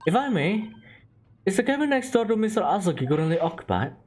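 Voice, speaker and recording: A polite, earnest young man asking careful, formal questions, as a man reads him aloud from a game. The voice leans high for a man and moves a lot in pitch. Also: big pitch swings, fast talker, darkish tone, a little hiss or hum. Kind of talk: game dialogue read aloud.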